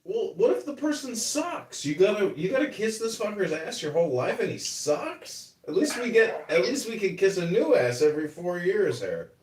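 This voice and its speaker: A man's voice: sits high, sing-song, moderate pace, hardly any pauses, a little mellow, distant mic. A man hosting a casual chat, rambling and mocking with plenty of profanity. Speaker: podcast host and political candidate. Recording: roomy room, away from the mic.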